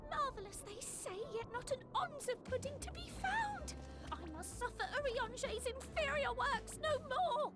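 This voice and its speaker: A fussy pudding-mad bunny creature. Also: female voice, extremely high pitch, lively intonation, normal speed, music in the background. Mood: petulant. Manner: petulant, complaining. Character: small fussy rabbit-like creature obsessed with pudding. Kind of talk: video game voice acting.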